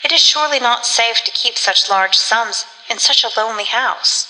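A woman's voice: on the high side, moderate pace, sharp tone. A woman voicing a fragile, timid woman who speaks fearfully and pleads. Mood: worried. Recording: long reverb.

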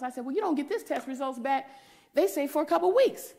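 A woman, giving a preaching testimony and acting out the voices in her story, sometimes rising to a shout. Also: high-pitched, fast. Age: 40s.

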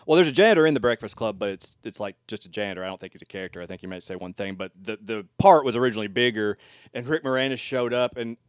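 A man's voice: lowish voice, animated, very fast, clear, resonant tone, dry recording, clean studio sound. A man co-hosting a casual movie podcast, rambling through a story with many fillers. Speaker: podcast co-host. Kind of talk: casual chat.

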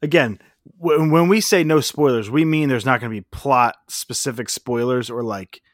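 A man's voice: medium pitch, normal speed, no room sound, studio quality. A man co-hosting a casual chat, easygoing and self-deprecating. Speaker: podcast co-host.

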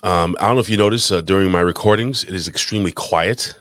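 A man hosting a live podcast, reading out chat shout-outs in a loose, crude showman style. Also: low voice, fast, dry recording, clean studio sound. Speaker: podcast host. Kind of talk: casual live podcast banter.

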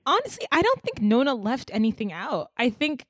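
A woman co-hosting a casual book podcast, relaxed, laughing easily and chiming in with short reactions. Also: fairly high pitch, fairly quick, no room sound, studio quality. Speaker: podcast co-host.

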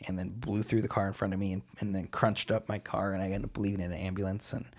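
A young man with a husky, slightly low voice talks quickly in a loose, rambling way. He tells stories in casual podcast chat, full of "like" and "you know". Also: flat delivery. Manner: rambling storyteller, lots of fillers. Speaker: guest.

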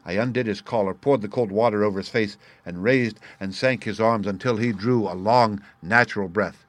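A man reading a classic detective story aloud as narrator, in a measured, even manner. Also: on the low side, no room sound. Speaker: audiobook narrator. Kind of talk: scripted narration.

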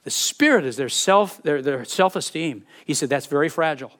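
High-voiced man preaching emphatically. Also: normal speed. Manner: emphatic, expressive preaching, reads scripture aloud. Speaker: pastor. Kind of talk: sermon.

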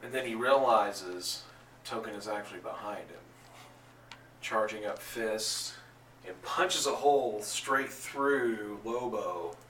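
A man narrating a tabletop game as game master, spinning the action with jokes along the way. His voice is bright and forceful, and he talks at an unhurried pace. The mic is far off in a roomy space, with faint ambience behind him. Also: fairly low pitch, slight background noise. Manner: animated storytelling, jokey. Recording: echoey room, distant mic, faint ambience.

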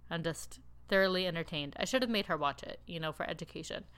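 A woman recapping a TV show in casual chat, rambling and animated with lots of filler words. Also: on the low side, fast talker, hardly any pauses, smooth. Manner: animated, laughing storyteller. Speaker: TV recap podcaster.

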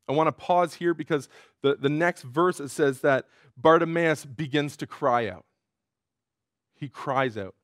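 A male pastor preaching a sermon in an earnest way, rising in pitch and force when he quotes cries. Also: normal speed, a bit bright, dry recording, clean studio sound.

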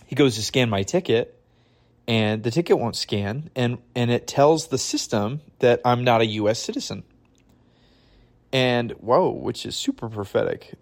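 A man from Michigan, a podcast host, telling a faith story in a casual, chatty, slangy way. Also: medium pitch. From Michigan, USA.

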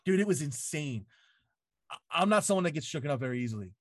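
A man's voice: fairly high pitch, big pitch swings, fast talker, dry recording, clean studio sound. A man in casual chat, telling a story full of swearing and "like" fillers, recorded in a home basement.

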